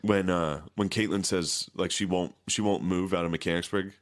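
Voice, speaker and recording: A man with a very low, deep voice trading deadpan jokes on a podcast. His delivery is dry and casual, full of offhand swearing and short wry asides. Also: normal speed. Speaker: podcast co-host. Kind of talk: casual comedic chat.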